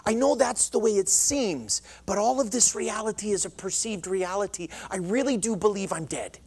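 A man's voice: sits high, normal speed, a little mellow, husky. A male pastor voicing a confused young man in a joke who insists he is dead. He speaks in a plaintive, stubborn way.

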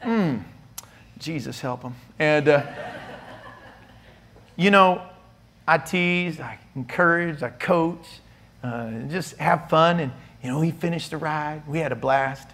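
A middle-aged male pastor preaching a sermon in a church, animated and teasing, playfully scolding his listeners. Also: a little high, takes it slowly, long pauses.

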